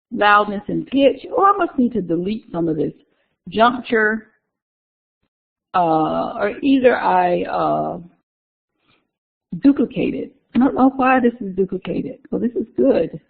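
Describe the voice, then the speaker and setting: A woman's voice: mid-range voice, gravelly. Woman lecturing over a tinny recording. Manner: conversational, repeats key terms, talks through slides. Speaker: instructor.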